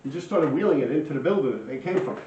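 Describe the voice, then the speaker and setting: Profane street storyteller, a man, lively high voice, roomy distant home recording. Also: racing, slight background noise. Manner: animated, profane, heavy slang and fillers. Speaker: storyteller of his own past crimes. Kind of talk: casual street storytelling to camera. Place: at home by a window. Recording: roomy, distant, dull sound.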